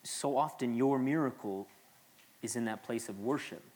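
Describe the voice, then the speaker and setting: A man's voice: mid-range voice, normal speed, darkish tone. Earnest man preaching a conversational sermon. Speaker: pastor.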